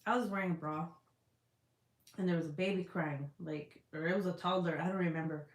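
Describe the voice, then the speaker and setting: Fairly quick and fairly even in intonation, a woman with a fairly low-pitched voice hosts a livestream. She talks openly and casually with her viewers, swearing often, and the recording sounds roomy and echoey.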